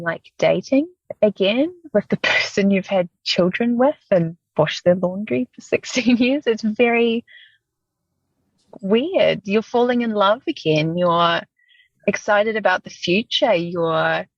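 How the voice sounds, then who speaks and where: A woman's voice: mid-range voice, slow pace, no echo, lo-fi sound. A middle-aged woman, a podcast guest, speaking openly and reflectively about her personal life, with frequent ums. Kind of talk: candid personal storytelling.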